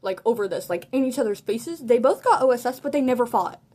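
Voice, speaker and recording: Chatty higher-voiced woman telling a story. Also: fast. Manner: chatty and animated, heavy use of "like"; laughs often mid-sentence. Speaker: vlogger. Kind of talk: casual storytime chat.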